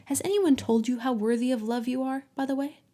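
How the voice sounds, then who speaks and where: Gentle woman giving a tarot reading. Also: high-pitched, fairly quick. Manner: soft, affectionate, talks directly to the viewer. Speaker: tarot reader.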